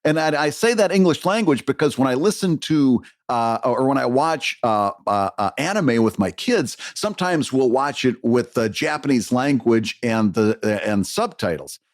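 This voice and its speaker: A man's voice: mid-range voice, animated, moderate pace, few pauses, no echo, clean studio sound. A man co-hosting a podcast in casual chat, talking in rambling bursts with many restarts. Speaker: podcast co-host.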